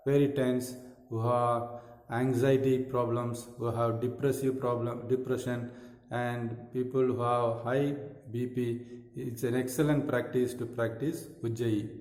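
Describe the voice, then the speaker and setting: Deliberate male yoga teacher, echoey room. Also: medium pitch, a little mellow. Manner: slow, deliberate explanations with fillers and repeated phrases. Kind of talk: instructional talk on breathing. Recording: echoey room with long reverb.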